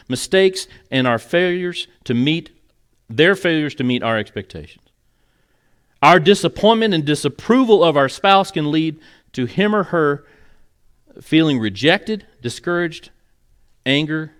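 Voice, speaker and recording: A man's voice: on the high side, a bit bright, smooth. A male pastor preaching an earnest, conversational sermon in a church, with moments of emotion. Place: church sanctuary.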